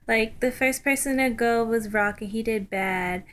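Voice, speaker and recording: Chatty young woman with a bright voice. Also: fairly high pitch, normal speed, few pauses. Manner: chatty, excited, slangy, many ums and likes. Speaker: vlogger. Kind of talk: casual storytelling vlog.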